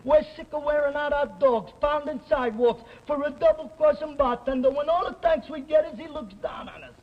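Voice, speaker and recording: A brash New tough. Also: male voice, very high-pitched. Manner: brash street slang, combative. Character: tough young bartender pimp, quick-tempered. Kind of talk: 1960 television drama acting. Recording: dull old TV audio.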